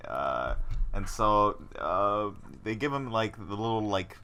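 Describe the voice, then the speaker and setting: A man's voice: on the low side, sing-song, slow pace, bright, forceful tone, slight background noise. A man co-hosting a podcast, casually recapping a cartoon and mimicking the characters' voices. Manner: chatty, mimics an announcer voice. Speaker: podcast co-host.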